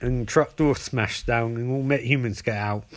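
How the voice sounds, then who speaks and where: A man's voice: mid-range voice, fairly even intonation, normal speed. A man giving a rambling comic recap, joking with many restarts.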